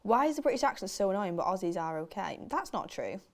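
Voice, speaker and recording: Hoarse, gravelly Mancunian woman. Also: medium pitch, big pitch swings. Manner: chatty, quick to defend her own accent. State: voice going hoarse. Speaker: co-host of a football watchalong. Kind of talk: casual chat.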